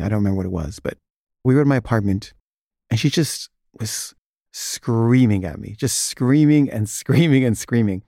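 A man telling a personal story in a relaxed, rambling way, with fillers and self-amused laughs. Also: mid-range voice, no echo, studio quality. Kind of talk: casual personal anecdote.

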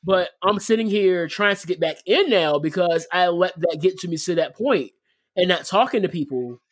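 A young man with a notably high voice chats casually as a podcast co-host. He is excitable and teases his friends, and the close, dry sound carries almost no room echo. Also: normal speed. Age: young adult. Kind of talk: casual chat.

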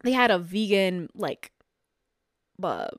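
Excitable woman chatting with a friend. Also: mid-range voice, slow pace, dry recording, clean studio sound. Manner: excitable, repeats herself, lots of "like" and "literally". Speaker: co-host. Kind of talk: casual chat between friends.

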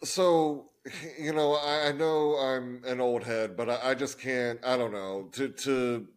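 A man co-hosting a wrestling podcast, talking casually in a halting, hesitant way. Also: mid-range voice, steady tone, clean tone. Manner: hesitant, halting, many restarts and fillers. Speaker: podcast co-host.

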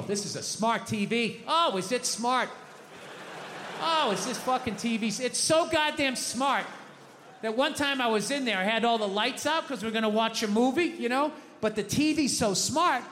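A man in his thirties telling a stand-up story with a very high, bright and forceful voice. He swears freely and keeps breaking into shouted rants. The sound rings with a long echo from a big hall, with faint noise underneath. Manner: profane, animated, bursts into shouted rants. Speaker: stand-up comedian.

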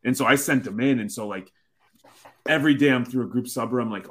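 A man's voice: medium pitch, quick pace, fairly bright tone, breathy edge. A man chatting casually and enthusiastically about his card collection, rambling with many restarts. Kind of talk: casual chat.

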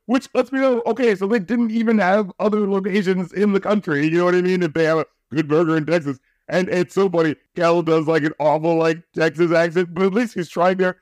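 A man with a high voice co-hosts a casual movie review chat, swearing freely and jumping into mocking impressions of the characters. The sound is dry and close, with no room around him. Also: a little fast, few pauses, dry recording. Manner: animated, profane, mocking impressions. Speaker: podcast co-host.

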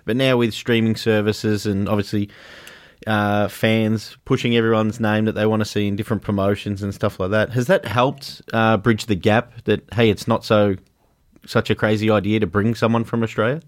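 A man's voice: lowish voice, level tone, normal speed, no room sound, clean studio sound. A man interviewing a guest, asking long, rambling questions.

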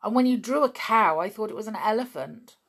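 A woman's voice: medium pitch, animated, fairly quick, gravelly, voice pushed up. A woman voicing a teasing, scornful schoolboy in a storybook reading.

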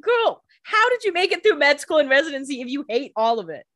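A woman's voice: high-pitched, sing-song, brisk, fairly bright tone, no echo, studio quality. A woman co-hosting a casual recap chat, giving wry, exasperated commentary. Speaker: podcast co-host.

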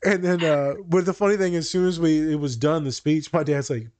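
A man's voice: fairly high pitch, a little fast, darkish tone. A man who works as a therapist, hosting a podcast in a blunt, profane, storytelling way. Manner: blunt and profane, tells client stories. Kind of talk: casual podcast chat.

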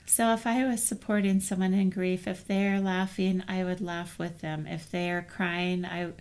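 A middle-aged woman co-hosting a casual talk on grief, telling a family story in a gentle, reflective way. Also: fairly low pitch, flat delivery, a little slow, clean tone. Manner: gentle, storytelling, soft trailing phrases. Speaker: co-host.

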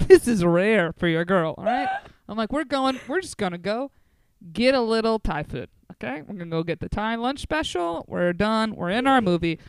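Brief: New woman, podcast co-host, lively swooping delivery, smooth clear voice, cursing and self-mocking. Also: a little high, moderate pace, no room sound. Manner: animated, profane, self-mocking storytelling. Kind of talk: casual storytelling chat.

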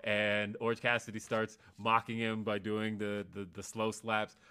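Bright-voiced man chatting casually. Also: fairly low pitch, completely flat delivery, unhurried, smooth. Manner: rambling, enthusiastic, frequent fillers. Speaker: co-host. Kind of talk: casual wrestling podcast chat.

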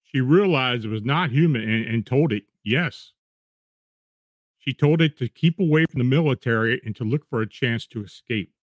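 A man reading eerie true accounts aloud in a steady, measured storytelling voice, with the odd restart. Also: medium pitch, dry recording, muffled recording. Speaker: narrator reading paranormal accounts.

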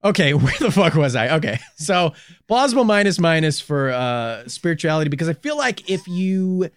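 A man's voice: fairly high pitch, sing-song, moderate pace, smooth, dry recording, studio quality. A man co-hosting a podcast in casual, crude, joking chat, and laughing often. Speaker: podcast co-host.

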